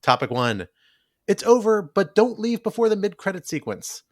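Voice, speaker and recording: A man's voice: sits high, very animated, moderate pace. A man co-hosting a podcast, chatting casually and joking, laughing as he talks. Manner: jokey, laughs while talking. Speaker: podcast co-host. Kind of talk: casual chat.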